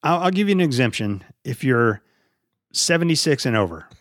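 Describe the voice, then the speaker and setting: A man's voice: mid-range voice, big pitch swings, brisk, no room sound, studio quality. A man co-hosting a casual podcast chat, ranting with heavy swearing and mock indignation. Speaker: podcast co-host.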